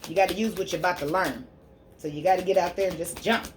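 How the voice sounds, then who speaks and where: A woman giving a tarot reading on her channel, preaching fervently to her listeners and softly repeating prayerful invocations as she draws cards. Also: on the low side, fairly even intonation, fast talker, soft background music. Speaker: spiritual healer and tarot reader.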